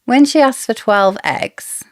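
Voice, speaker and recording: A woman's voice: fairly high pitch, big pitch swings, slow pace, no room sound, clean studio sound. A woman co-hosting a casual book discussion podcast, chatty and theorizing with frequent laughs. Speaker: podcast co-host.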